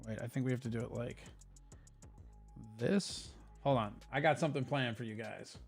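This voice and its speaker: A man's voice: mid-range voice, moderate pace, gravelly, soft background music. A man hosting a casual live stream, talking loosely and swearing as he reads and answers chat messages.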